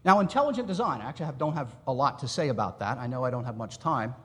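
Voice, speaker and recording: A man's voice: medium pitch, lively intonation, a bit bright, breathy edge. Man lecturing in an echoing hall. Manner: measured, explanatory, with asides to the audience. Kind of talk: academic lecture. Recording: long reverb in a hall.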